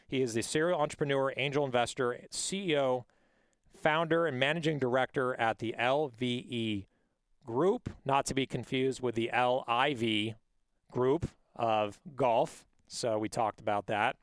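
Male podcast host, mid-pitch, teasing and loose, dry close sound. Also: unhurried, clear, resonant tone, dry recording. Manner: joking, teasing banter. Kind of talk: casual podcast chat.

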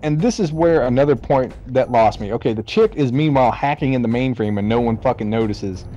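A man's voice: medium pitch, animated, brisk, warm tone, muffled recording, faint music behind. A man on a podcast ranting in disbelief about a movie's plot, swearing freely. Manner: profane, incredulous ranting. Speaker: podcast co-host. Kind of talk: casual movie recap chat.

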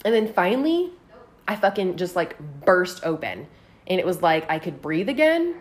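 A woman's voice: on the low side, moderate pace. A woman telling a personal story on a casual podcast, swearing freely and filling her talk with "like". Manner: profane, animated, heavy use of "like".

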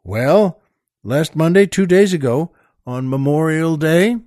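Folksy older man spinning a slow yarn. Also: on the high side, lively intonation, darkish tone, no room sound, clean studio sound. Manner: rambling, folksy, many "well" and "by the way" asides. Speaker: podcast host. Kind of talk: casual storytelling monologue.

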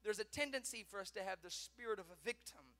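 A man preaching a sermon, swinging from hushed lines to shouted climaxes in dramatic preaching style. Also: sits high, expressive, quick pace, big-room sound.

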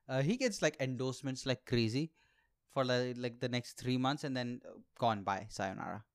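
A young Indian stand-up comedian hosts a solo comedy podcast, ranting loosely, swearing freely, and jumping animatedly into mock voices. His medium-pitched voice is clear and resonant.

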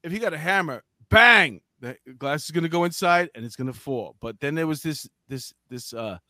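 A man with a slightly high voice, recorded dry and close. He co-hosts a loose crime-news chat, jumping into stories with jokes, swearing, and quick put-on voices. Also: no room sound. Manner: animated storytelling, acts out voices; profane, joking. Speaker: podcast co-host.

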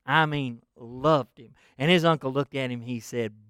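A man's voice: mid-range voice, measured pace, smooth, no echo, clean studio sound. A middle-aged man preaching a sermon, telling folksy stories and laughing often as he goes. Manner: folksy, animated storytelling with laughs.

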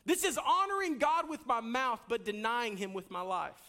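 A pastor, preaching a sermon with an emphatic, repetitive cadence that rises to near-shouts. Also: male voice, very high-pitched, normal speed.

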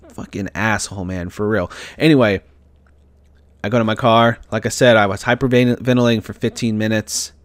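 A man's voice: fairly low pitch, fairly quick, no echo. A young man candidly telling a personal story in casual vlog style, emotional and swearing freely.

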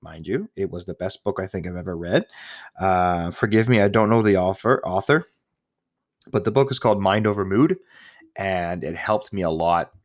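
A man's voice: low-pitched, moderate pace, a little mellow, no room sound, studio quality. A young man, a new father, talking casually and candidly to the camera, rambling, swearing often and laughing at himself. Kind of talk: casual personal monologue.

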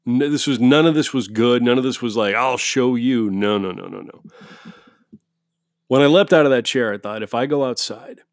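A man's voice: medium pitch, normal speed, no echo, studio quality. Heated, profane man ranting to viewers. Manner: heated, profane rant with many restarts. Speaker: vlogger. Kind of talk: casual storytelling to viewers.

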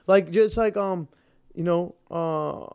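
A young man with a hoarse, worn-out voice, co-hosting a casual podcast chat, joking and swearing freely. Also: high voice, slow, darkish tone, dry recording, clean studio sound. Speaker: podcast co-host.

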